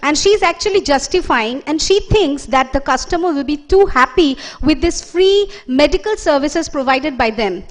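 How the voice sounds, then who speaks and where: High-voiced woman lecturing. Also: lively intonation, moderate pace, hardly any pauses. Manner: explanatory, with frequent fillers and self-corrections. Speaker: lecturer speaking at a conference. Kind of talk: conference presentation.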